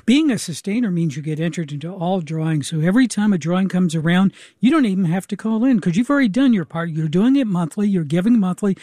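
A man's voice: sits high, lively intonation, fast, hardly any pauses, dark tone, dry recording, clean studio sound. A male radio host making an affable, persuasive on-air fundraising appeal. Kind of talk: pledge-drive appeal.

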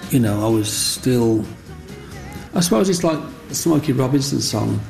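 A man's voice: medium pitch, lively intonation, moderate pace, creaky, a little mellow, soft background music. A man, an interviewee telling stories of his childhood, rambling and repeating himself, with "you know what I mean" coming back often. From English Black Country. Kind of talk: reminiscing storytelling.

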